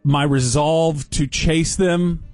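A man telling a story on a casual talk show, wry and deadpan, with dry sarcasm. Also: fairly high pitch, slow pace, no echo, faint music behind.

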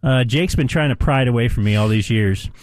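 A man's voice: mid-range voice, a little fast, a little mellow, dry recording. A male radio co-host who bursts out cheering and introduces the next act in the show's song segment. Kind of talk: comedy radio banter.

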